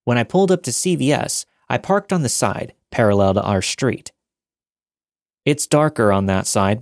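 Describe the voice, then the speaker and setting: A man with a low voice reads a true scary story in a calm, steady way. The recording is close and dry, with no room sound. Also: no room sound. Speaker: narrator. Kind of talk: scripted horror story narration.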